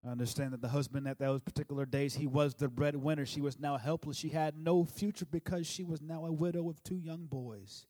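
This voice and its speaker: A man preaching a sermon with emphasis, swinging from loud declarations to soft, low asides and calling on the congregation to answer aloud. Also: fairly even intonation, a little fast, hardly any pauses. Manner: urges the congregation to respond aloud.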